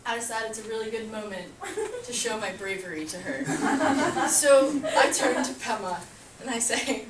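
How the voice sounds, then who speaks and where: A woman's voice: on the high side, normal speed. A woman casually telling a funny personal story, chatty and laughing often, filling her talk with "like". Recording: echoey room, far from mic, noisy.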